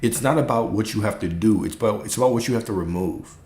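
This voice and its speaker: A man with a fairly low voice speaks as a spiritual coach on a livestream, relaxed and repetitive, often asking rhetorical questions and checking in with a quick "okay?". His voice carries a noticeable room echo. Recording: roomy echo.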